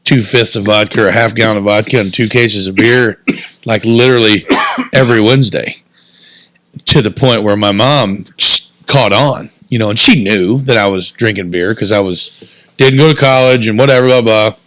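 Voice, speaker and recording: A young man from Southern Indiana, co-hosting a podcast, telling a story in casual chat, animated and swearing freely. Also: fairly low pitch, normal speed, dry recording. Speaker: podcast co-host.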